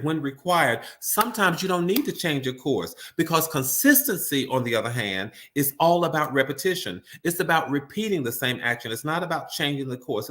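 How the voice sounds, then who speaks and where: A man's voice: mid-range voice, fairly bright tone. A man giving a live-streamed motivational talk, often repeating words as he restarts and calling his audience "you all.".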